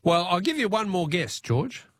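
A man with an Australian accent hosting a talkback radio quiz, chatty and quick with asides, laughing easily with callers. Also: sits high, sing-song, background noise.

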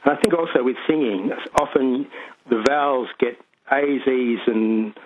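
A man from Sydney chats with a radio host on the phone, rambling a little, filling gaps with ums and soft laughs. His voice sits mid-range. The call comes through a thin, tinny phone line. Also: mid-range voice, unhurried, a little hiss or hum. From Sydney, Australia. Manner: rambling, chuckling, lots of ums. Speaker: caller. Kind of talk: casual chat on the phone.

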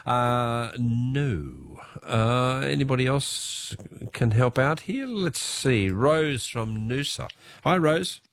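A man's voice: mid-range voice, very animated, slow. A man with an Australian accent hosting a talkback radio quiz, joking with callers, and he has a cold. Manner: jokey, chatty, laughs often. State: has a cold, voice lower than usual.

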